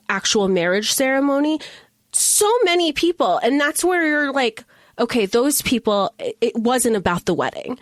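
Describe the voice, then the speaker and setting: A woman co-hosting a podcast in casual chat, animated and swearing, acting out characters' lines as she argues. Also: fairly high pitch, no room sound, clean studio sound. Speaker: podcast co-host.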